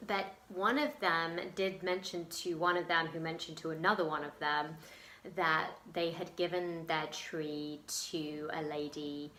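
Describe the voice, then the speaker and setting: A woman's voice: low-pitched, bright, forceful tone, roomy sound, a little hiss or hum. An English woman telling a personal story in a chatty, emotional way, with many ums and laughs. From England. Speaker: vlogger. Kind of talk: casual storytelling vlog.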